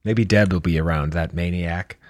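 A man's voice: low-pitched, normal speed, dry recording, clean studio sound. A man co-hosting a casual comedy podcast, trading wry, self-mocking banter. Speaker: podcast co-host.

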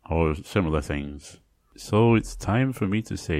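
A man's voice: low-pitched, normal speed, dry recording. A man hosting an educational podcast, explaining in a scripted, teacherly way and carefully pronouncing example phrases. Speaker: podcast host.

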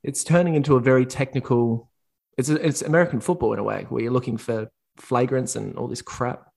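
Mid-pitched guy in a casual football podcast, wry and chatty, keeps throwing out stats. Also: fairly even intonation, brisk, creaky, a little mellow, breathy edge. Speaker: podcast co-host.

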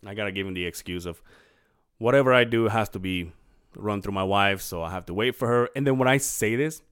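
Clearing his throat in his morning voice, this middle-aged podcast co-host speaks a little fast in a smooth, lowish voice. He tells a story in casual chat, acting out quotes with animation and swearing a lot.

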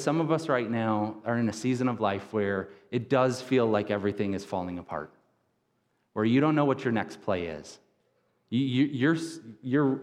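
A pastor in his thirties delivers a casual, conversational sermon, often doubling back on his words. His voice sits at an ordinary mid pitch. The sound rings with the long reverb of a church hall. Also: a little mellow. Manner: conversational, casual wording, frequent word repeats. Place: church sanctuary.

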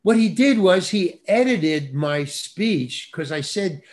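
A man, an actor, telling a casual anecdote animatedly, restarting phrases and punching lines with quick interjections. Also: sits high, animated. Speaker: actor guest telling a story.

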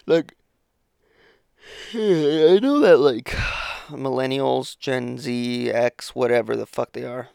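Rambling, profane man with a gravelly voice. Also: medium pitch, flat delivery, takes it slowly, pauses often, a little mellow, no room sound, studio quality. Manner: rambling, profane, self-interrupting. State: sleepy, yawning. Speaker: podcast host. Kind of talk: casual solo podcast monologue.

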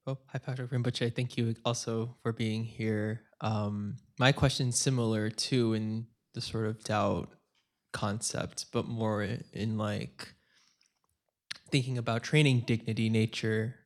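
A man's voice: lowish voice, steady tone, measured pace. A man in the audience asking a long, hesitant question from the floor. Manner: hesitant, many fillers and restarts.

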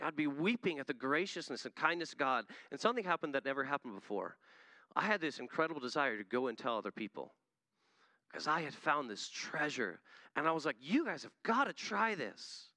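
Earnest preacher, man, fairly high voice, builds to emphatic peaks mid-sermon. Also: pushed and bright, dry recording. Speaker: missionary preacher.

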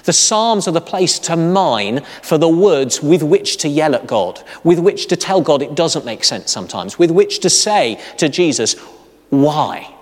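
Man, vicar, sermon, earnest and emphatic, animated intonation, long church reverb. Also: on the high side, normal speed, few pauses. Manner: earnest, emphatic, building through repeated phrases.

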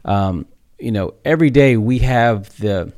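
A man co-hosting a Catholic talk show, speaking thoughtfully and haltingly with fillers. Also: lowish voice, animated, darkish tone. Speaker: podcast co-host. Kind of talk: casual faith discussion.

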